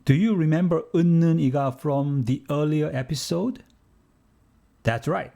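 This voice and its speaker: A man's voice: fairly high pitch, a little fast, creaky, dark tone. A man giving a scripted language lesson, explaining steadily with the odd joking aside. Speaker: language teacher.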